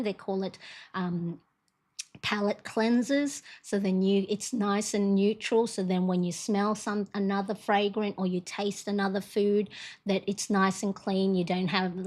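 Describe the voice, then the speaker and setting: A middle-aged woman hosting a casual live stream, talking in a rambling, encouraging way with lots of fillers. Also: medium pitch. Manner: chatty, rambling, warm encouragement with frequent fillers. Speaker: livestream host.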